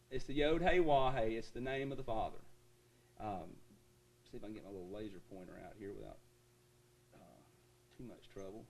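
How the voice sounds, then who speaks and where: A male preacher at a mid-range pitch delivers a sermon to his church. He stresses the verses he reads and checks in with the congregation. Between readings he slows into a conversational teaching voice. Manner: emphatic preaching that turns to a quieter, explanatory lecture tone; asks the congregation for an amen.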